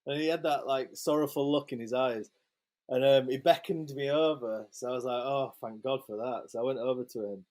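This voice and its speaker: A man, a photographer guest telling a lively, sweary anecdote in a casual interview and acting out the quotes. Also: mid-range voice, a little fast.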